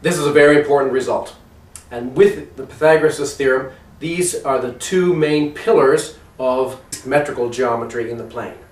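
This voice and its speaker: A man giving a measured, explanatory math lecture. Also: medium pitch, a little mellow, distant mic. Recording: echoey room, voice from off mic.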